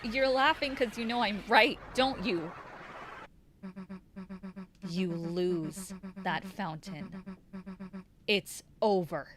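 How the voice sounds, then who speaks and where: A woman voicing a tough, brash female monster teen who talks in a gruff, taunting way, reading game lines aloud. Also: medium pitch, very slow, long pauses, crowd noise. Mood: cocky. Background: game music.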